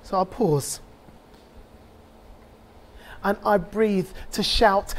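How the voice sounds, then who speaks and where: Impassioned man with a high voice. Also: steady tone. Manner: rhythmic, impassioned recitation with dramatic pauses. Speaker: bereaved father speaking at a conference. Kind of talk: conference talk and spoken-word poem.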